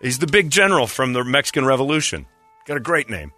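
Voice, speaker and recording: A man's voice: mid-range voice, very animated, fast, pushed and bright, soft background music. A man hosting a comedy quiz game, reading clues and teasing the players with a laugh. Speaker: quiz host.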